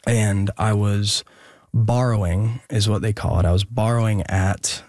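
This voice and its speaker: A man's voice: on the low side, steady tone, darkish tone, dry recording, studio quality. Earnest young man telling his story. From Oregon, US. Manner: earnest, hesitant, many pauses and restarts. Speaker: interview guest, musician. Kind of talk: personal storytelling in an interview.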